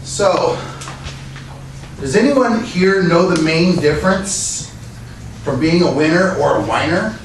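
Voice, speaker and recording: A man's voice: high voice, expressive, takes it slowly, long pauses. A man giving a prepared Toastmasters speech, earnest, asking rhetorical questions. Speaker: Toastmasters speaker. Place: meeting room. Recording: echoey room, distant mic, faint noise.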